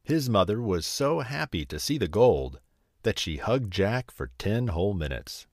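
A man tells a fairy tale slowly, with a fairly low voice that swings widely in pitch. The recording is dry and close, with no room sound. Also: no room sound. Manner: slow, lively storybook telling. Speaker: storyteller. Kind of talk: fairy tale read aloud.

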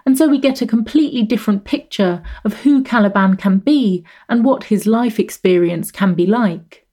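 A woman narrating a scripted literature lesson in a measured, explanatory manner, slowing to read verse rhythms. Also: mid-range voice, warm tone.

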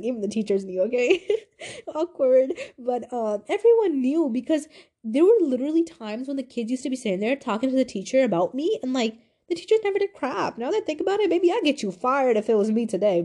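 An eighteen-year-old woman hosting a podcast, telling a personal story in a confiding, animated way. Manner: animated, confiding, swings from high to low. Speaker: podcast host.

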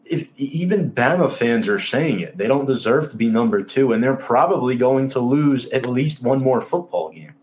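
A man's voice: medium pitch, moderate pace, hardly any pauses, darkish tone. A man hosting a casual sports talk show, emphatic, exasperated and openly sarcastic. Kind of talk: casual sports podcast chat.

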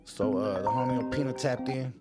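A man hosting a live talk show, chatting in an excited, slangy way with plenty of swearing. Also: mid-range voice, fairly quick, loud music behind the voice. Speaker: podcast host. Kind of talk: casual live show chat.

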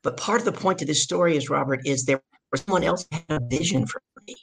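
A middle-aged woman from the States, telling her story as a guest in an energetic, emphatic way. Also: low-pitched, quick pace, vocal fry, a little hiss or hum. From southern United States. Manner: energetic, emphatic storyteller who acts out quotes. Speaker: guest, business speaker. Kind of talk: storytelling in a conversation.

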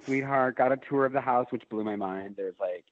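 A man's voice: medium pitch, a little fast, dry recording. A man in his forties, a guest in a casual chat, telling a long story with lots of restarts and fillers. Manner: rambling, many restarts and "like". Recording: tinny phone-line sound.

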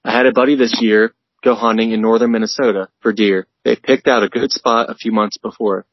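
A man's voice: on the low side, fairly even intonation, a little fast, dry recording, lo-fi sound. A man co-hosting a casual podcast, reading out a story in a laid-back way and swearing freely. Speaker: podcast co-host.

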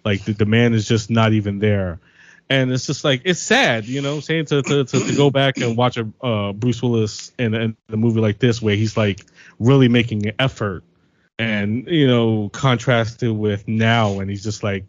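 A man's voice: on the low side, moderate pace, no echo. Rambling, cursing man on a dull mic. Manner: rambling, profane, many "you know"s. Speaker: podcast panelist. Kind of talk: casual film-discussion chat.

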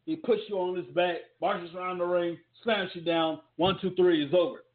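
A man rambles through wrestling talk and ad reads in an emphatic, loose way. His voice sits a little high. The audio is thin and tinny, like it came over a phone line. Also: fairly even intonation, normal speed. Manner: loose, emphatic, repetitive rhetorical questions. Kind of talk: casual commentary with ad reads.

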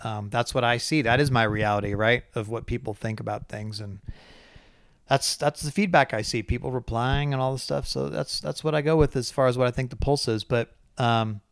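Animated ranting man, smooth voice. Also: medium pitch, moderate pace, no echo, studio quality. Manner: animated, exasperated, mocks others in quoted voices. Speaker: podcast host. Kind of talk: casual ranting chat.

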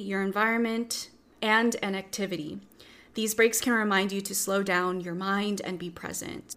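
A young adult woman, a self-empowerment coach, talking openly through a workbook, reflective with wry dark humor. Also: mid-range voice. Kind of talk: casual workbook walk-through.

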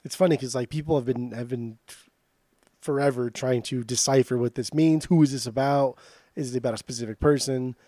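A man's voice: medium pitch, fairly even intonation, brisk, dark tone, dry recording, clean studio sound. A man co-hosting a podcast, chatting casually about music with lots of "dude" and "like", loose and swearing. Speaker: podcast co-host.

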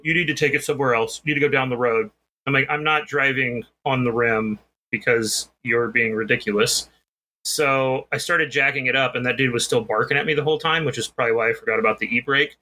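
A podcast co-host with a medium-pitched, sharp-toned voice tells a rambling, self-deprecating story during casual chat.

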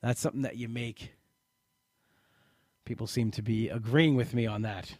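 Male podcast host, casual rambling delivery, mid pitch, dry close mic. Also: steady tone, moderate pace, a little mellow, no room sound. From Italian-American family. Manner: rambling, frequent restarts and fillers. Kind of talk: casual live podcast chat.

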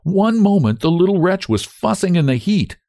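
A man reading a story aloud as narrator, in an expressive, dramatic manner. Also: high-pitched, normal speed, no echo, clean studio sound. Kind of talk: scripted narration.

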